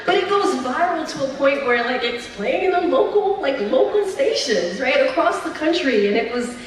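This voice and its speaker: Woman telling stories onstage, kinda high voice, big echoey hall, sounds far from the mic. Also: normal speed. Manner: lively, chatty storytelling. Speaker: featured speaker. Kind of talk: speech and onstage Q&A. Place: large event hall at a brunch.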